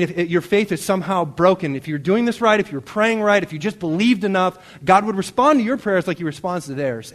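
A man preaching a sermon to a congregation in a conversational, animated way, often checking in with "right?". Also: high voice. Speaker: pastor. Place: church hall before a congregation.

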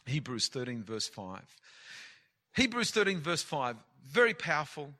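A man's voice: a little high, very animated, measured pace, pushed and bright. Impassioned male pastor preaching. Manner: impassioned, heavy repetition for emphasis. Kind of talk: sermon.

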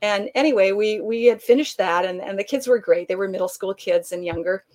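A woman guest telling a long anecdote in conversation, animated and laughing often, acting out the people she quotes. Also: medium pitch, brisk. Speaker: author and guest. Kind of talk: conversational storytelling.

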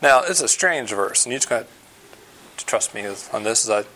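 A man's voice: medium pitch, expressive, moderate pace, sharp tone. Man preaching a conversational sermon. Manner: conversational preaching with frequent fillers; emphatic, explaining scripture. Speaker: pastor.

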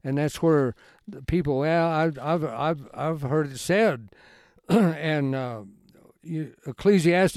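Man teaching scripture, folksy and halting, smooth voice, slightly high, dry close sound. Plain conversational delivery. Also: a little mellow, no echo. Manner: rambling and halting, with many restarts. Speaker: Bible teacher. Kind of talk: informal Bible study talk.

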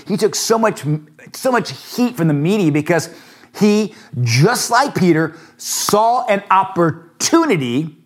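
A male pastor with a high-pitched voice delivers a sermon. He swings from fervent, emphatic peaks back into easy, conversational storytelling. The energy keeps climbing toward each key point.

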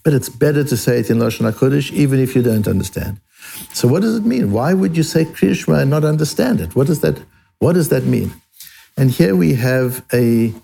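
A man's voice: medium pitch, creaky, dark tone, breathy edge. A man teaching a Talmud lesson, asking questions aloud and answering them as he explains.

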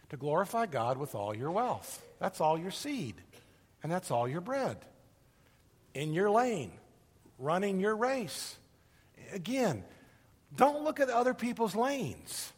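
A man preaching a sermon, retelling a parable with animated storytelling that swings from loud to hushed, in a church hall. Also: high voice, breathy edge. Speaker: pastor. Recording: long reverb of a large hall.

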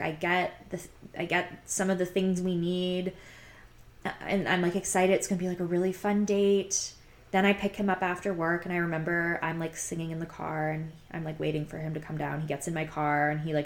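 A young woman telling her own dating story in a chatty, confiding way, full of "like" fillers. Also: fairly low pitch. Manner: chatty, heavy use of "like" fillers; frank and confiding, sighs between thoughts. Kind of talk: casual personal storytelling.

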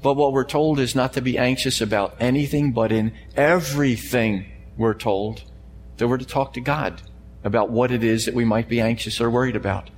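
A man's voice: medium pitch, steady tone, normal speed. A man preaching a sermon to a congregation. He talks in emphatic, repeated phrases and puts questions to his listeners. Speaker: pastor. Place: church sanctuary before a congregation. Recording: long hall reverb with faint hum.

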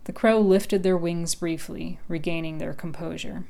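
A woman narrating a story in a calm, even way. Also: lowish voice, normal speed, vocal fry, few pauses.

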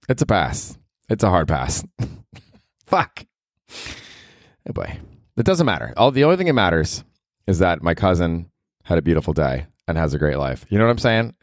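Low-voiced man rambling on a podcast. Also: sing-song, normal speed, pauses often, dry recording, clean studio sound. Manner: rambling, profane, self-mocking. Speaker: podcast host. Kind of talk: casual comedic monologue.

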